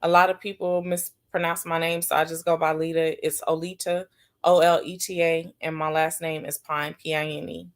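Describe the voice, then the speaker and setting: A woman hosting a casual livestream, chatting warmly and answering viewers' comments one by one. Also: deep voice, level tone, moderate pace. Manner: affectionate, calls viewers baby and sis. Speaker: livestream host.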